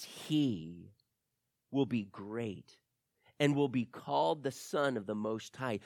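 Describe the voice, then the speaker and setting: Animated male pastor preaching. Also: mid-range voice, no echo, studio quality. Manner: emphatic, swings between loud stresses and soft drops. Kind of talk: sermon with scripture reading.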